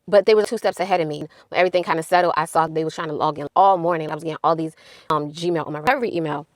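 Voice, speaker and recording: Young woman vlogger, low voice, quick and animated, dry close sound. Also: no room sound. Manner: animated, addresses viewers as y'all. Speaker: YouTuber. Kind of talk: casual storytelling vlog.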